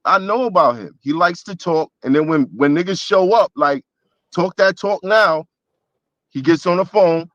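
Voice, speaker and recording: A man's voice: high-pitched, moderate pace, a bit bright, no echo, highs cut off. A man in a played clip, telling a story in casual chat and mocking others' words. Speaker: podcast host in a played clip.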